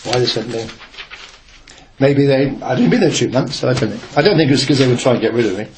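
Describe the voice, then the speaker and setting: A man's voice: mid-range voice, animated, fast talker, a little mellow, slight background noise. Older man telling a rambling story. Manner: rambling, hesitant, with many fillers and restarts. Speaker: interviewee, former newspaper reporter. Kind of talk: reflective oral history storytelling.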